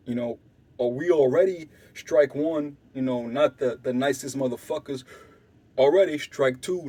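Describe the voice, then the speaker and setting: A young man from Canada telling a wild story in casual slang, swearing freely and acting out other people's lines. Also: mid-range voice. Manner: animated, swearing, acts out quotes loudly and softly.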